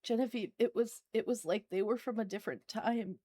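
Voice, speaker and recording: A woman's voice: fairly high pitch, a little fast, dark tone, dry recording, close to an everyday voice. A woman voicing a frightened small boy in a tabletop game, who stammers and repeats his words.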